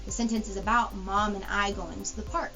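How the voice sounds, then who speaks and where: A woman teaching a grammar lesson to young students, patient and explanatory, slowing down to spell out example sentences. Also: mid-range voice, fairly even intonation. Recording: dull lo-fi recording with faint music.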